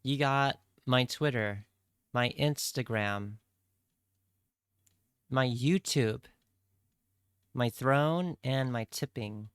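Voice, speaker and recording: A young man chats to his stream at an unhurried, drawn-out pace, rambling and joking along. His voice comes through smooth and clear. The sound is dry and close, with no room around it. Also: medium pitch, dry recording. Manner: rambling, playful, talks straight to chat. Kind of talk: casual livestream chat.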